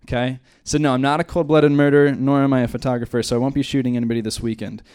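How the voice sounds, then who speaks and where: A man's voice: mid-range voice, little pitch movement, racing, a little mellow, smooth. A man from the United States teaching a Bible study in a conversational way, with joking asides. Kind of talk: church teaching.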